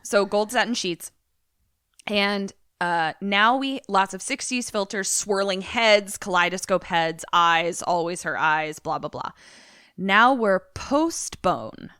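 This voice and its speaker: Profane, animated woman podcast host. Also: medium pitch, slow pace, clean tone, no room sound, clean studio sound. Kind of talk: casual chat, retelling a film.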